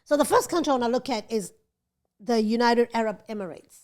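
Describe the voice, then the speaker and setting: A woman co-hosting a casual chat podcast, animated and chatty, laughing often and mimicking others. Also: on the high side, a little fast. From South Africa. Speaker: podcast co-host.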